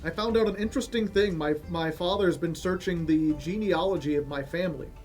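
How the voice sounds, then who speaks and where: Chatty high-voiced young male streamer. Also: brisk, a little mellow, faint music behind. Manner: rambling, joking, laughs at his own stories. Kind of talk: casual chat while playing a card game.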